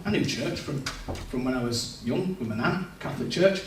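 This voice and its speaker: A man's voice: fairly high pitch, fast talker, few pauses, darkish tone, a little hiss or hum. Man telling his story in an echoey hall. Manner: candid, storytelling, quotes his past self. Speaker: speaker giving a testimony. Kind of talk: personal testimony in a church service. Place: large echoey church hall. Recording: echoey church hall, distant mic.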